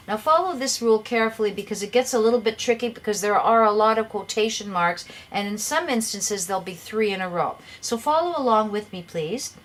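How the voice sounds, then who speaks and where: A middle-aged woman teaching an English grammar lesson, explaining patiently and sometimes repeating words as she goes. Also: mid-range voice.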